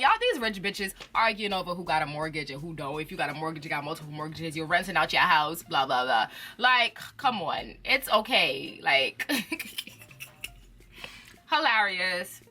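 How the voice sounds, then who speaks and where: A woman's voice: on the low side, moderate pace. A young woman, chatting casually about reality TV with lots of slang and laughter. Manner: animated, chatty, uses slang and laughs often. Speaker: reality TV commentator. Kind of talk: casual chat.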